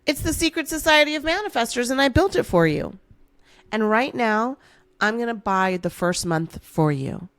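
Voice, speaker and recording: A woman's voice: a little high, expressive, moderate pace, fairly bright tone, dry recording. A woman hosting a motivational podcast, coaching the listener in a playful, hyped way and calling them baby. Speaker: manifestation coach and podcast host.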